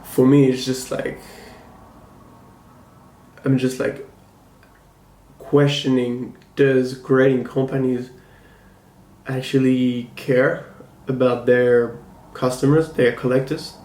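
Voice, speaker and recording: A man talks slowly and evenly, with little rise or fall in his middle-pitched voice. His manner is measured and critical as he gives a casual video review. The room around him sounds echoey, with a faint hum of ambience. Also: level tone, a little mellow. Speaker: comic book collector and channel host. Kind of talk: casual review vlog talking to camera. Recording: roomy echo, faint ambience.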